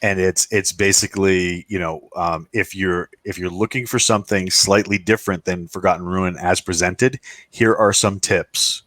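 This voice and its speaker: A man with a very low voice chats casually as a co-host, wandering through anecdotes with plenty of restarts. The sound is close and dry, with no room around it. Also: steady tone, moderate pace, a bit bright, dry recording. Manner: rambling storyteller, acts out quoted voices. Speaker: podcast co-host. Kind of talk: casual roundtable chat.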